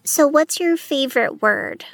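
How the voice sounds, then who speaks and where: A woman's voice: sits high, huge pitch swings, measured pace, creaky, fairly bright tone, dry recording, clean studio sound. A woman hosting an interview, asking friendly, curious questions in casual chat. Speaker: interview host.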